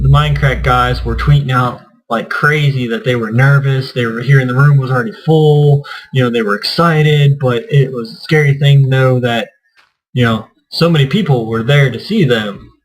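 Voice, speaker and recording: A man's voice: medium pitch, moderate pace, rough recording. A man who hosts a gaming channel, telling a rambling convention story in casual chat and acting out what others said. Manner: rambling storyteller, acts out quotes. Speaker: gaming YouTuber.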